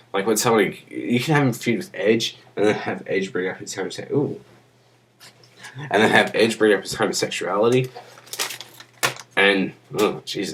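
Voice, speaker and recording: A man's voice: low-pitched, a bit bright. A young man rambling crudely and profanely into a webcam in a casual vlog, sounding drunk. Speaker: vlogger.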